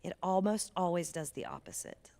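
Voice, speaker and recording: A woman's voice: fairly low pitch, moderate pace, gravelly, warm tone. A woman speaking as a guest speaker, giving an earnest, conversational parenting talk to a church audience and dropping to a near whisper for emphasis.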